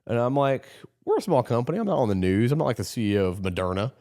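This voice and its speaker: A man's voice: mid-range voice, very animated, fast talker, darkish tone. A man hosting a podcast, talking in a rambling, heated political monologue with frequent restarts. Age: adult, runs his own company. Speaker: podcast host.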